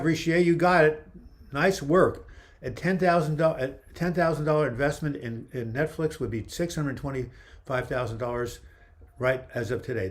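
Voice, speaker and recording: A man's voice: medium pitch, slight background noise. A man hosting a casual live video chat, reading out viewer comments and joking around, his voice starting to go. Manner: chatty, reads viewer comments aloud, jokes around. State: losing his voice. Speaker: livestream host answering viewer questions. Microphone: webcam livestream.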